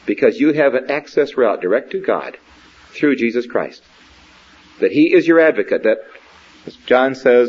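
A man giving a sermon in an earnest, questioning, measured way, speaking directly to a young believer. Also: medium pitch, lively intonation, a little mellow, husky. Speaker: preacher. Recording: dull lo-fi recording.

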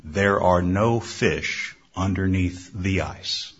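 A man voicing a deep, booming male ice rink manager who speaks slowly and solemnly. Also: fairly bright tone, husky, heavily acted. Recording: dull lo-fi recording.

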